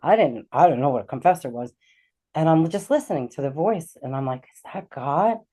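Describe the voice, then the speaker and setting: A middle-aged woman with a low, mellow voice tells a personal story as a talk-show guest. She is animated and slips into the voices of the people she quotes. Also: a little fast. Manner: animated, acts out quoted dialogue. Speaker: guest, intuitive healer.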